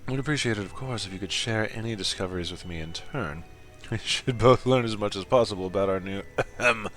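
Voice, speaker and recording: A man's voice: on the low side, fast, a bit bright, faint music behind, natural voice. A man voicing a polite young male scholar in a put-on fancy accent while reading game dialogue aloud. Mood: earnest.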